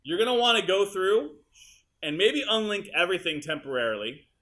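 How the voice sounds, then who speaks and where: A male teacher walking students through an editing demonstration in a high school classroom, casual and chatty as he works. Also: expressive, brisk, fairly bright tone. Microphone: room mic, uneven audio quality.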